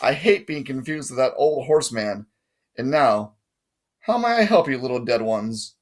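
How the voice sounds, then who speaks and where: A man voicing a sly, cold male ferryman of the dead, speaking smoothly and mockingly with a put-on British accent. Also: mid-range voice, lively intonation, normal speed, close to an everyday voice.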